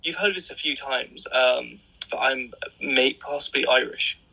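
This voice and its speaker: A young man with an English accent, chatting as a guest in a blunt, joking, animated manner. His voice is gravelly and somewhat husky, with a bright, forceful edge. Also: mid-range voice, unhurried, low-quality recording. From England. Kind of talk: casual interview chat.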